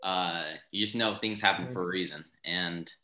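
Young podcast host guy, real low voice but bright, kinda halting. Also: steady tone, slight background noise, low-quality recording. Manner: hesitant, halting questions. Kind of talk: casual interview.

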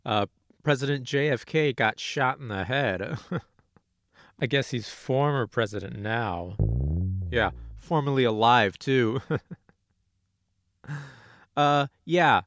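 A man hosting a comedy show, delivering mock news jokes and bickering in a deadpan, defensive way. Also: medium pitch, measured pace, no room sound, clean studio sound. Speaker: comedy podcast host.

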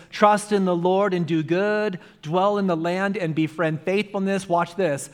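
A man's voice: high voice, a bit bright. A male pastor preaching a sermon in a conversational way, driving points home with emphatic repetition.

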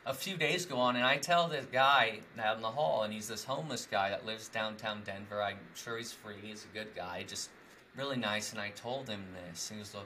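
A man's voice: on the low side, normal speed, bright, forceful tone, a little hiss or hum. A young man in casual conversation, rambling with many fillers and frequent laughs. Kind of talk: casual chat.

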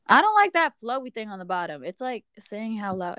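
A young woman telling a friend gossip, her voice fairly high and swinging up and down as she acts out each reply. The sound is dry and close, with no room around it. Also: brisk, clear, resonant tone, dry recording. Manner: animated storyteller acting out texts. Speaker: friend chatting. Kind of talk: casual chat.

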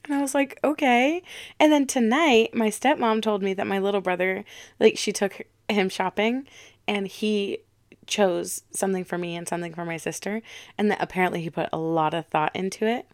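A young woman co-hosts a podcast in a casual chat, telling stories as an animated storyteller who acts out what people said. Her voice is medium-pitched at a moderate pace, with clean studio sound and no echo.

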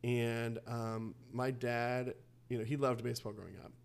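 A man's voice: mid-range voice, little pitch movement, creaky, clear, resonant tone. A young man co-hosting a podcast, chatting casually and eagerly, laughing often. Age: young adult. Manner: enthusiastic, quick to laugh. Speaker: podcast co-host. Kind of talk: casual chat.

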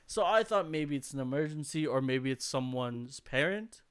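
A man's voice: mid-range voice, expressive, moderate pace, a bit bright, clear, resonant tone. A young man telling a story in casual podcast chat, swearing freely and acting out the voices of the people he quotes. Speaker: podcast co-host.

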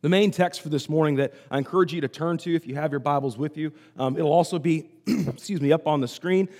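A man preaching a sermon, telling a story in a conversational way and pausing often. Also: on the high side, darkish tone. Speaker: pastor. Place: church sanctuary. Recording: hall reverb.

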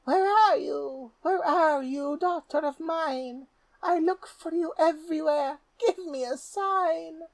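A man's voice: extremely high pitch, takes it slowly, creaky, voice pushed up, full character voice. A man voicing a troll mother who sings a wailing call through the forest, in a storybook reading.

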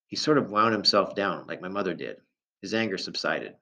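Low-voiced man narrating a novel. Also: expressive, brisk, vocal fry, sharp tone. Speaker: audiobook narrator. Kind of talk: first-person novel narration. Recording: dull lo-fi recording.

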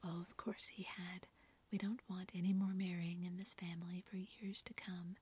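A woman's voice: lowish voice, level tone, a little mellow, slightly rough. A woman voicing a blunt, tomboyish young woman who lectures, in a whispered role-play. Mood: scolding. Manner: whispered, brisk and scolding.

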